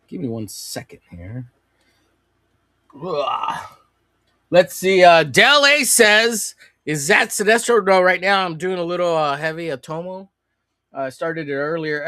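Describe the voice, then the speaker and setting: Male stream host, animated rambling talk, slightly high voice, dry close sound. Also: no echo. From United States. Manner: rambling, crude joking, animated. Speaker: live-stream host drawing comics. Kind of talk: casual rambling chat while drawing.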